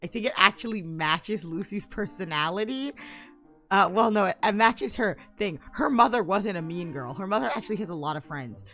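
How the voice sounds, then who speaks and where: Bright, giggly young woman gaming. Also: medium pitch, soft background music. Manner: giggly, playful, quick jumps to loud excitement. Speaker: gameplay commentator. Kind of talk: casual let's-play commentary.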